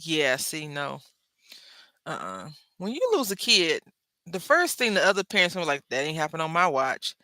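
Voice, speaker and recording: Chatty woman with a bright, dry voice. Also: big pitch swings, normal speed, no echo. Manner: chatty storyteller, acts out quoted lines with big pitch jumps. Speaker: crafting channel host. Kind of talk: casual chat while crafting.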